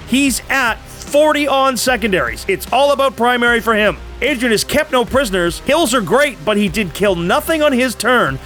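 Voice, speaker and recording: Guy with a really high voice calling the game play by play, quick and brisk. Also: bright, forceful tone. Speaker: commentator. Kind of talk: voice-over game commentary.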